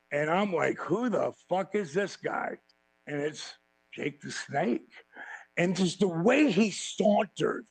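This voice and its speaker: A man as a podcast guest telling profane, animated stories and acting out quotes. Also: high voice, gravelly, dry recording, low-quality recording. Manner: animated, swearing freely, acts out quotes. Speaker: podcast guest, former wrestling champion. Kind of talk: profane storytelling in a podcast interview.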